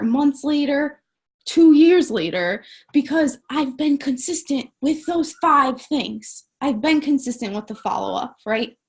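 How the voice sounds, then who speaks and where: A woman coaching her network marketing team over a live stream, upbeat and emphatic, often saying "like" and "guys". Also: high-pitched.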